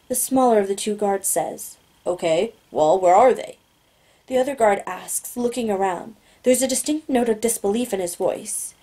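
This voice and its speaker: A woman narrating a novel in the first person, steady and plain. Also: on the high side. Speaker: audiobook narrator.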